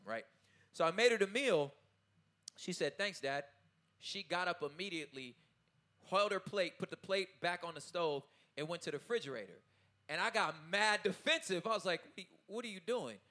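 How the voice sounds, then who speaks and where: Animated man talking with an audience. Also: fairly high pitch. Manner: animated, keeps checking in with the listeners; loose, informal phrasing with laughs. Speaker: artist speaking at a talkback. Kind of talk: conversational talk to an audience.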